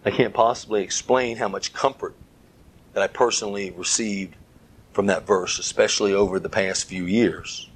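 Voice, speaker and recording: Husky low-voiced man preaching. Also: fairly even intonation, poor audio. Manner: earnest, pausing in short phrases, stressing key words. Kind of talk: Bible teaching talk.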